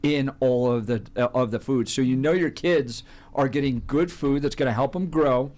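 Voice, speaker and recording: A man's voice: medium pitch, normal speed, a little mellow. A male radio co-host asking questions and adding opinions in casual, chatty talk.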